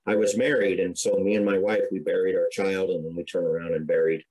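A man's voice: low voice, steady tone, quick pace, a little mellow, rough recording. A middle-aged man, a podcast guest, earnestly recounting a personal story in a conversational way, with frequent restarts and an emotional edge.

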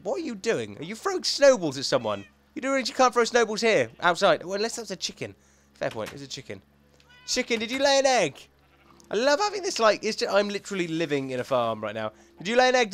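A young man talking to himself as he plays a video game, rambling and excitable, thinking aloud as he goes. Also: on the high side, a little hiss or hum. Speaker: gaming YouTuber. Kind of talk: let's play commentary.

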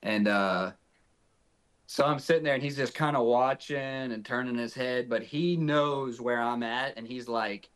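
A man's voice: mid-range voice, a little slow, clean tone. A young man from north Texas, a podcast guest, telling a story in casual chat and acting out the quoted dialogue. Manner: animated, acts out quoted dialogue.

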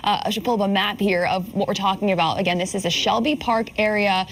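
A woman anchors a news segment, laying out events in a steady, measured way with the odd filler. Her pitch sits in the middle range. A faint noise hums under the broadcast clip. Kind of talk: news report.

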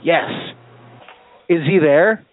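A man's voice: on the high side, extremely slow, a little hiss or hum. A man making a prank call, insisting and swearing at the person on the other end. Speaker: prank caller. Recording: phone-like narrow sound.

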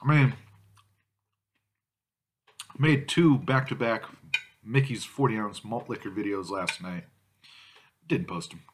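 A man's voice: lowish voice, takes it slowly, pauses often, background noise. A man vlogging about drinking malt liquor, ranting angrily at viewers with constant swearing. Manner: angry, foul-mouthed, insulting. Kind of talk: profane ranting vlog.

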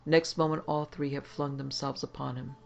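A man narrating a horror story in a dramatic, expressive reading. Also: mid-range voice, moderate pace, gravelly, muffled recording, soft background music.

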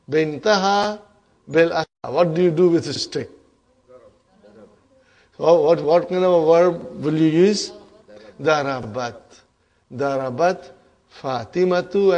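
Slow-speaking man teaching a class. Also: on the high side, darkish tone, muffled recording. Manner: questions the class often, checks with "huh?" and "are you with me?". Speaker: Arabic teacher. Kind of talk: classroom grammar lesson.

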